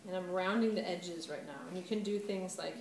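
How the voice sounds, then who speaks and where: Brisk and on the low side, a woman art teacher chats with a class during a clay demonstration, laughing frequently and making fun of her own slips. The roomy recording comes from a distant camera mic, so her voice sits far off amid echo and steady background noise.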